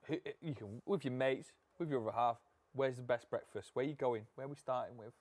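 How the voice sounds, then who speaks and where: Man, quick podcast host, chatty and teasing, dry close sound. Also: mid-range voice, a little mellow, no room sound. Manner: chatty, leading questions, playful banter. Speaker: podcast co-host leading the segment. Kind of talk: casual chat.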